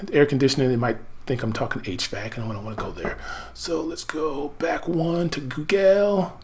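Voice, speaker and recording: An American man with a chatty, excitable manner, thinking aloud as he walks through a screen-share marketing tutorial. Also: medium pitch. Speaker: marketing coach.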